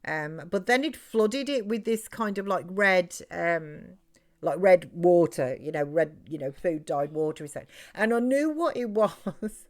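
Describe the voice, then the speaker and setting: A woman's voice: fairly low pitch, lively intonation, a little slow. A middle-aged British woman chatting loosely while streaming a game, rambling with many fillers and restarts. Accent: British English. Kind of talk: casual chat while live-streaming a game.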